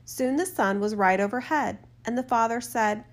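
A woman narrating a fairy tale in a steady, measured reading voice. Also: on the high side. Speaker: storyteller. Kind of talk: storybook narration.

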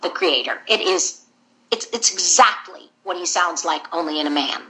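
Bright-toned woman voice actor telling stories. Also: on the low side, moderate pace, poor audio. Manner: candid, rambling storyteller. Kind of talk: interview guest recounting career.

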